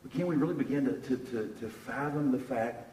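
A man preaching a sermon, telling a Bible story with animated rises and restarts. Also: mid-range voice, brisk, a little hiss or hum. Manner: animated storytelling, repeats words while searching. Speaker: pastor. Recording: echoey room from far off.

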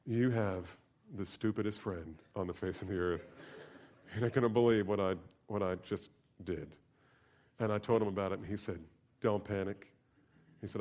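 A male pastor preaching a sermon, telling a personal story and swinging from soft, hushed asides to loud, emphatic preaching. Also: on the low side.

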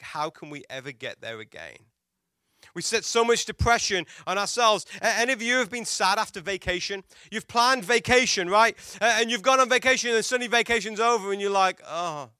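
A man preaching a sermon as a pastor, telling stories and asking the congregation questions, swinging between loud emphatic lines and hushed quiet ones. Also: sits high, clear, resonant tone, dry recording, clean studio sound. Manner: storytelling with rhetorical questions to the congregation.

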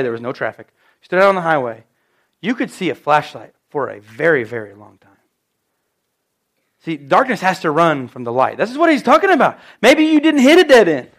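Male preacher, light high voice, emphatic storytelling sermon. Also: fairly bright tone.

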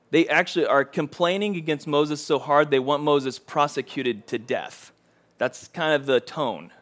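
A man's voice: medium pitch, a bit bright. A man preaching a sermon in a conversational way, acting out quotes with rising intensity.

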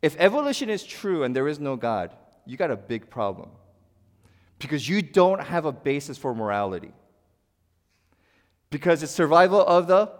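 A male pastor delivering a sermon, swinging between forceful emphasis and hushed, quiet passages. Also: fairly high pitch, long reverb tail. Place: church.

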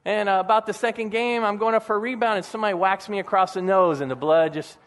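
A man with a fairly high voice preaches to his congregation in a relaxed, conversational way. He tells personal stories and acts out the people in them. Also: fast talker. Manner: conversational, animated storytelling with acted-out quotes. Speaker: pastor. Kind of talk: sermon.

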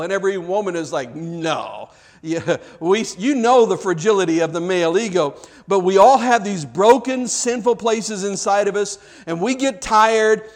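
A man preaching a sermon to a congregation, conversational, asking the crowd questions and repeating himself as he builds points. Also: high voice. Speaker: pastor. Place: church before a congregation.

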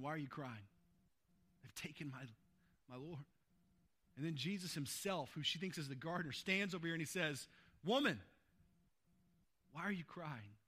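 A male pastor preaching a sermon, swinging between hushed, slow lines and loud, fervent passages. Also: a little high.

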